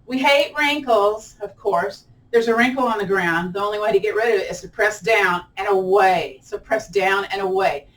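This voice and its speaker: A woman's voice: moderate pace, hardly any pauses, recorded from a distance, poor audio. A woman leading a chatty guided yoga class, laughing often and letting her voice jump up when a stretch gets hard. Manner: playful, laughs often, pitch jumps up on effort. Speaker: yoga instructor.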